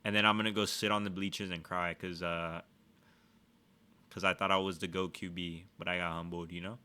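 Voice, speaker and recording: A man giving casual let's-play commentary, swearing a lot and trash-talking with excitable energy. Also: deep voice, brisk, clear, resonant tone. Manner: profane, excitable trash talk. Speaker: gaming streamer.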